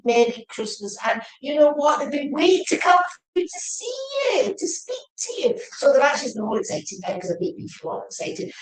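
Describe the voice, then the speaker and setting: A woman giving a live-streamed psychic reading, chatty and repetitive, speaking to viewers by name. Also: mid-range voice. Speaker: psychic medium. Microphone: webcam or phone. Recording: echoey room.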